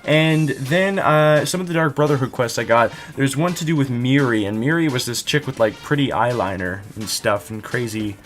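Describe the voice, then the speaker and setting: A man's voice: medium pitch, moderate pace, hardly any pauses. Goofy young male gaming host, rambling recap, swings from mutters to squeals, faint music underneath. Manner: goofy, rambling, jumps between whispers and squeals. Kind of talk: casual video game recap.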